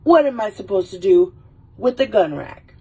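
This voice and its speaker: A woman's voice: medium pitch, sing-song, moderate pace, darkish tone, husky. A woman voicing an exasperated young man, quoting his lines with indignant sarcasm. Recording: voice a little far from the mic.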